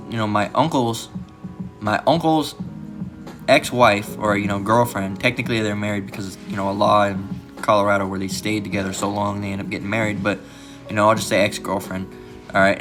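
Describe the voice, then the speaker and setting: A man giving casual, rambling commentary as a channel host, filling every pause with "all right" and "you know" and mocking others in a raised voice. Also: fairly low pitch, a bit bright. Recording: music playing behind the voice.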